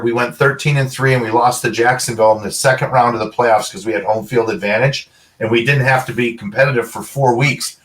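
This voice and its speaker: A middle-aged man with a plain mid-range voice tells stories in a casual interview. He talks in an animated way and acts out quick snatches of dialogue. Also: medium pitch, far from the mic, poor audio. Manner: animated storyteller, quotes people in short dialogue. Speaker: guest, former pro football player.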